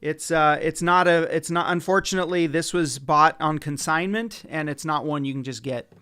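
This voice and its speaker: A man's voice: on the high side, moderate pace, bright, forceful tone, smooth, no echo, clean studio sound. A man giving a casual, rambling guitar lesson on a home livestream, chatting with viewers by name. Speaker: guitar teacher. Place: home room, dim lighting. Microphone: livestream setup. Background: guitar playing.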